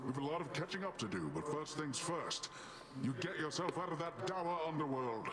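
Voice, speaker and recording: A man's voice: fairly high pitch, expressive, moderate pace, a crowd in the background. A man voicing a boisterous, hearty male sea god uncle in a game, with a rollicking delivery. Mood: jovial. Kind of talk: game dialogue.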